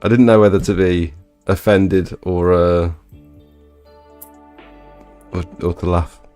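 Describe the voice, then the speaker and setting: A young man hosting a live stream, reading chat and chatting in a laid-back, low-energy way. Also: fairly even intonation, takes it slowly, mellow, soft background music. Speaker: livestream host reading chat.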